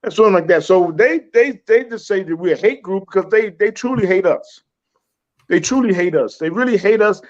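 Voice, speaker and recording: Man, high voice, rambling and halting, muffled lo-fi sound. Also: lively intonation. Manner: rambling, many fillers and restarts, laughs often. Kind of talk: casual podcast talk.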